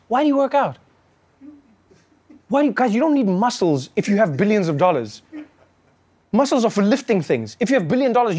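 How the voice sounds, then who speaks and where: Guy doing stand-up, kinda high voice, animated riffing, acts out bits. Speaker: comedian and show host. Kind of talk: stand-up comedy routine.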